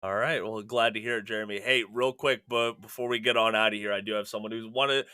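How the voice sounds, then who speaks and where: Bright, crisp-voiced male podcast host. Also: lowish voice, fairly even intonation, fast talker, no room sound. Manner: upbeat, reads sponsor-style plugs smoothly. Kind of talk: casual sports podcast chat.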